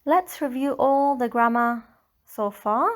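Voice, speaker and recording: A woman with a Lebanese accent, slowly and carefully explaining grammar in a language lesson. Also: fairly high pitch. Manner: slow, careful explaining with Arabic examples. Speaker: Arabic teacher. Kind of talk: scripted language tutorial.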